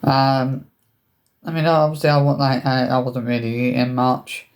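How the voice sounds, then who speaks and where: A man telling a personal story to camera in a hesitant, halting way, often restarting his sentences. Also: mid-range voice, little pitch movement. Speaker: vlogger.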